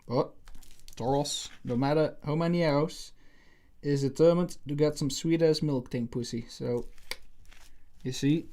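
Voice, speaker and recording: A man's voice: medium pitch, steady tone, a little slow, warm tone. A man hosting a casual livestream while he draws, with rambling, crude, joking chatter into a desk microphone. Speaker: livestream host.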